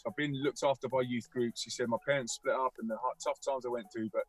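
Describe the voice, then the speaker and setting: A man telling a vivid personal story as a guest, energetic, acting out the voices of people he quotes. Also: medium pitch, fast talker, faint music behind. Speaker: guest musician and youth speaker. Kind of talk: animated storytelling.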